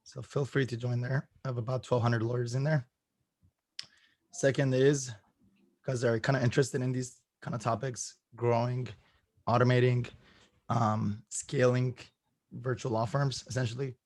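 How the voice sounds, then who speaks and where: A man presenting to a group on a video call, hoarse from losing his voice, upbeat and laughing between points. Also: mid-range voice, level tone, moderate pace, darkish tone, no room sound. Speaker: guest presenter.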